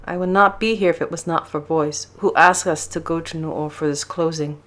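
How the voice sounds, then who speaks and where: A woman's voice: low-pitched, steady tone, normal speed, fairly bright tone. A woman doing an anxious young Russian woman. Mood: worried.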